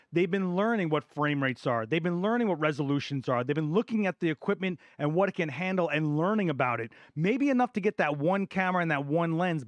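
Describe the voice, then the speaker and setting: A middle-aged man hosting a live photography Q&A stream, talking passionately and emphatically, repeating words for stress, his voice going a bit hoarse. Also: on the high side, dry recording. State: voice getting hoarse. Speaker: photography channel host. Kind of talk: live Q&A stream, opinion rant.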